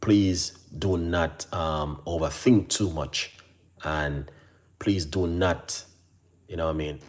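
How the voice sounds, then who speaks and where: A man's voice: fairly even intonation, takes it slowly. A man speaks casually to his audience. He is earnest and repetitive, circling back with "you know what I mean" as he encourages them. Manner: mimics receptionists in a higher voice. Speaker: channel host. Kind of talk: casual motivational talk to camera.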